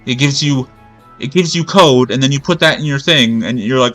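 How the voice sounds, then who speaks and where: A man's voice: medium pitch, normal speed, fairly bright tone, no echo, soft background music. A man streaming a video game and ranting in a rambling, profane, exasperated way. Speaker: gaming streamer. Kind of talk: gameplay commentary rant.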